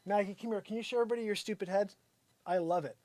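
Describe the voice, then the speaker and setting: A man hosting his own daily live stream from home, rambling and joking, jumping from loud bits to whispered asides. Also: high-pitched, very fast, dry recording. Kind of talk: unscripted comedic live-stream chat.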